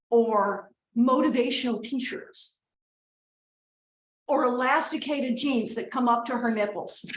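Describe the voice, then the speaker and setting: A woman as a chatty mother of the bride, rambling toast, unhurried delivery, echoey room. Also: a little high. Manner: rambling, interrupting herself to scold and coax family members. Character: rambling, self-deprecating middle-aged mother of the bride. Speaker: mother giving a wedding toast. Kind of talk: comedic monologue. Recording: roomy echo.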